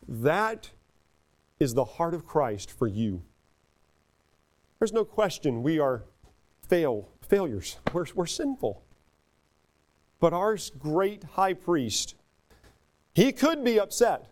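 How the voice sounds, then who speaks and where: A middle-aged pastor with a high voice delivers an earnest sermon. He eases into soft, slowed-down stretches, then pushes his voice up for emphatic points. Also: sing-song. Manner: earnest, swings from soft and slow to loud and emphatic.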